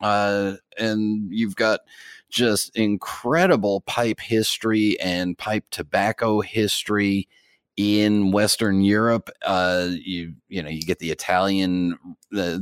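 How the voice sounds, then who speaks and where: Low-voiced man in casual podcast chat. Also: level tone, takes it slowly, clean tone, no room sound, studio quality. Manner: rambling, with many restarts and fillers. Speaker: pipe tobacco expert, podcast co-host.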